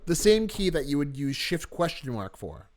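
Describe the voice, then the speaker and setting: A man teaching a software workshop, explaining step by step in a friendly, animated way and stressing key words. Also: fairly high pitch, normal speed. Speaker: workshop instructor. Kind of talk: screen-recorded software tutorial.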